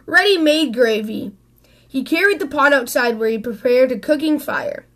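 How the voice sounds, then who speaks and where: A woman reads a children's picture book aloud in a high, expressive voice. Now and then she stumbles and repeats a word, then carries on. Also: moderate pace. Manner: expressive, with small slips and restarts. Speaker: storybook reader.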